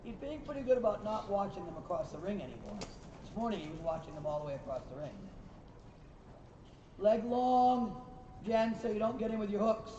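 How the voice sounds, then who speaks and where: His voice sits high, warm and sing-song, a little fast, as he leads a riding lesson, praising horses and calling out corrections to riders. The arena recording was made from a distance, so it's echoey and dull, with slight background noise.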